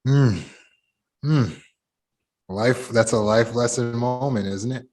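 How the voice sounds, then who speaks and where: Soft background music plays as a middle-aged man, acting as coach, guides a support group over video call. He takes things slowly in a medium-pitched voice, yet talks through examples animatedly.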